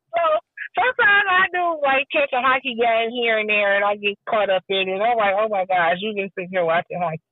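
A woman chats casually and tells stories with energy, acting out the people in them. Her voice sits high and comes through a narrow, phone-like line. The sound is dry, with no room around it. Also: a little fast, dry recording. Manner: animated storytelling, acting out quotes. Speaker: podcast guest. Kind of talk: casual chat.

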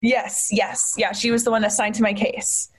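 A young woman telling a personal story in conversation, candid and halting, with many fillers and restarts. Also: mid-range voice, level tone, slightly rough. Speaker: guest.

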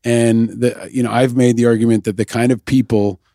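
Brief: calm male interviewer, mid-pitched, thinks aloud, dry close sound. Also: dry recording. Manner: measured, reasoning, with hesitant restarts. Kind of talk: interview conversation.

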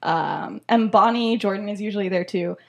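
A woman's voice: medium pitch, normal speed, gravelly, fairly bright tone. A young woman hosting a podcast, casually retelling a story with lots of "like" and frequent laughter. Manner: chatty, laughing often, heavy use of "like". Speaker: podcast host.

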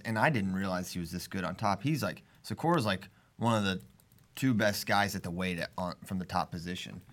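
A man hosting a casual talk show, chatting in an animated way and laughing often. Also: fairly low pitch. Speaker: podcast host. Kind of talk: casual chat.

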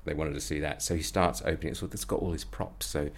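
A deep-voiced man, a comedy performer appearing as a guest, tells a lively anecdote at a fast clip. He's an animated storyteller who acts out voices, raising his pitch to do so.

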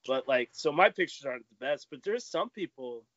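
A man telling dating stories in a casual chat, laughing often and acting out quotes in a higher voice. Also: animated, moderate pace, fairly bright tone, dry recording. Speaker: podcast guest. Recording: dull lo-fi sound.

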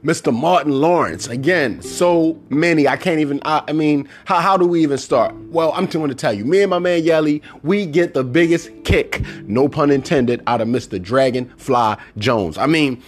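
A man's voice: fairly high pitch, moderate pace, few pauses, soft background music. A middle-aged man hosting a casual solo podcast, talking animatedly and acting out movie lines. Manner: animated, quotes movie lines in put-on voices. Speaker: podcast host.

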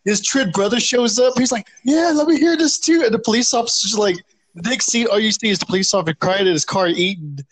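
High-pitched guy, halting and giggly, casual podcast chat. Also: fairly bright tone, low-quality recording. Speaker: podcast co-host.

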